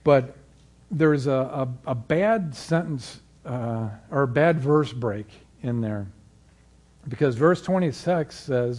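A man giving a sermon as a guest preacher, moving from halting, calm teaching to loud, fervent exhortation. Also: medium pitch. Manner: halting restarts and fillers.

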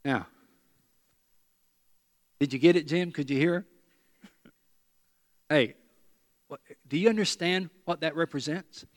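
Male pastor, somewhat high voice, earnest repetitive sermon with call and response, reverberant church hall. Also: slow, long pauses. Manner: emphatic, earnest preaching with repetition; leads the congregation in call and response. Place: church sanctuary before a congregation.

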